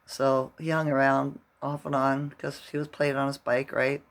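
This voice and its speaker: A man's voice: mid-range voice, level tone, normal speed. A middle-aged man vlogging casually, rambling through a story and tagging his sentences with "right?".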